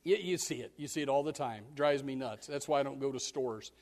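A man preaching a sermon as pastor, folksy and animated, acting out scenes. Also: mid-range voice, brisk, long reverb tail. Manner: folksy, animated, acts out yelling parents and kids.

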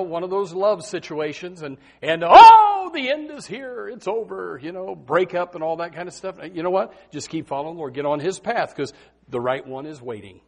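A man preaching a sermon in a folksy, animated way, swinging between loud and soft and saying amen often. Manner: folksy, animated preaching with big swings in pitch and loudness, frequent amens.

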